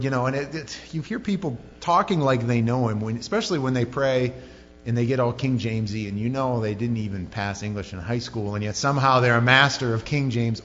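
A man's voice: mid-range voice, animated, normal speed, slight background noise. A male pastor preaching a sermon in a conversational, joking way with many asides. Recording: lo-fi sermon recording in a reverberant hall with faint music.

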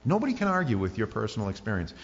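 A man's voice: lowish voice, very animated, racing, long reverb tail, highs cut off. A man preaching a conversational sermon as pastor, acting out quoted voices as he tells the story.

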